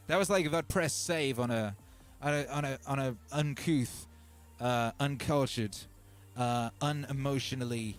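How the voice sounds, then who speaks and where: A man hosting a casual livestream, rambling and self-mocking with lots of fillers and restarts, reading viewer comments aloud and calling viewers brother and sister. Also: mid-range voice. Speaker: livestream host and music producer.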